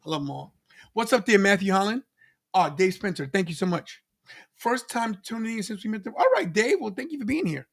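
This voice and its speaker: A high-voiced man co-hosts a live watch-along podcast. He is animated and laughs often. He addresses the chat directly between his opinions. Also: a little fast, creaky. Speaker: podcast co-host.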